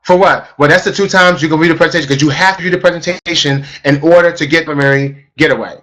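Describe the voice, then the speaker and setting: Male sales coach, high-pitched, emphatic, repetitive webinar delivery. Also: fairly even intonation, fast talker, sharp tone. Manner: emphatic, repeats key phrases for stress. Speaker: sales trainer. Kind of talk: live online sales webinar.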